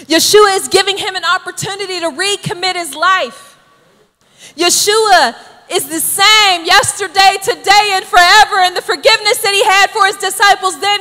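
High, bright-voiced woman preaching. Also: in a large hall. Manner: emphatic, exhorting, rising to shouted calls. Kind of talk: sermon.

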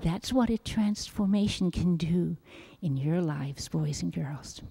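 A woman giving a children's sermon in church, reading a Bible story in a gentle, expressive storytelling manner. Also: on the low side, slow pace, vocal fry, slightly rough. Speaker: children's message leader at church. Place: church sanctuary.

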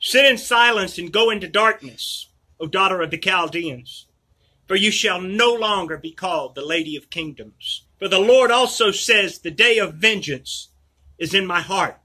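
A man reading scripture aloud in a measured, declamatory way. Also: sits high, pushed and bright, slightly rough, low-quality recording. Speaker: scripture reader.

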